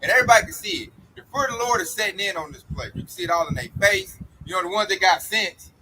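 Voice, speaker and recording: A man's voice: high-pitched, fast, pushed and bright, a little hiss or hum, rough recording. A man preaching in an emphatic, slangy street style about coming judgment.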